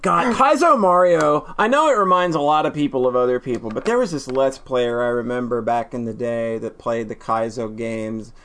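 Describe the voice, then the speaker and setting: A woman in casual chat as a podcast co-host, playful and animated, often stammering when excited. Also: a bass voice, normal speed, few pauses.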